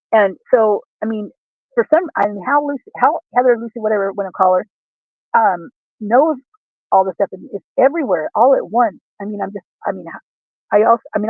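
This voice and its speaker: A man's voice: high-pitched, no echo. A man in casual chat as a livestream guest, talking earnestly in a rambling, self-correcting way. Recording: tinny dry call audio.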